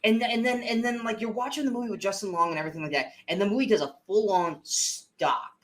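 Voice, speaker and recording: A man co-hosting a movie review podcast, ranting in an animated, exasperated way with plenty of swearing. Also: high voice, fast. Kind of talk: casual movie review chat.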